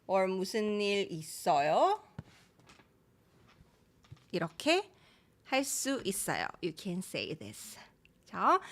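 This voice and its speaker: A woman teaching a live-streamed language lesson, explaining in English and quickly modeling Korean phrases while reading viewer comments and laughing easily. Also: mid-range voice, a bit bright.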